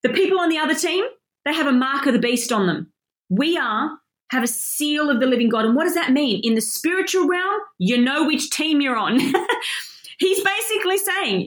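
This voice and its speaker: A woman giving an energetic Bible lesson, reading scripture aloud and commenting emphatically. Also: high-pitched, moderate pace. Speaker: Bible teacher. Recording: echoey room.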